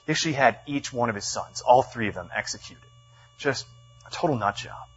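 In a church meeting room, a man gives an animated storytelling sermon full of fillers, acting out the quotes in his story. His medium-pitched voice is brisk and husky, and the lo-fi recording has faint music behind it.

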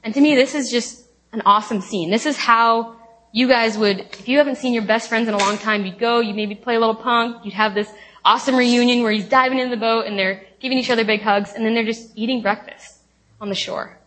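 A woman's voice: fairly high pitch, fairly even intonation, brisk, fairly bright tone, a little hiss or hum. A young woman giving a casual teaching talk on a Bible passage, chatty and informal, with many fillers and playful retellings. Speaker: speaker at a college ministry talk.

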